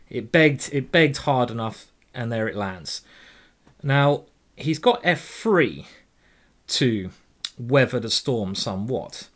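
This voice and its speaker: Casting: English man, mid-pitched, live game commentator, thinks out loud over each move, quick jokes and the odd swear. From England. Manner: chatty, jokey, thinks aloud over moves, swears casually. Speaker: chess grandmaster streamer.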